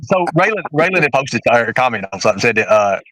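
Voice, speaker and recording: A man's voice: mid-range voice, sing-song, fast, a bit bright, dry recording, poor audio. A man, a livestream host rambling in casual chat with fillers and restarts.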